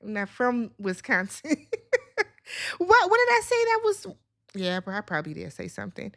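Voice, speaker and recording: A woman from Milwaukee hosting a casual talk show, playful and animated with lots of laughter. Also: medium pitch, normal speed, gravelly. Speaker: show host. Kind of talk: casual podcast chat.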